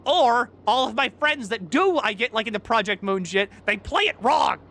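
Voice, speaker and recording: A male streamer chatting casually while playing a game, rambling and excitable, swearing freely. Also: extremely high pitch, normal speed, vocal fry. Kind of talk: casual gaming-stream chat.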